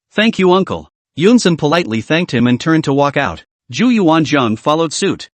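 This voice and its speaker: A man's voice: on the high side, dry recording. A man narrating a story in a scripted reading, voicing all the figures himself.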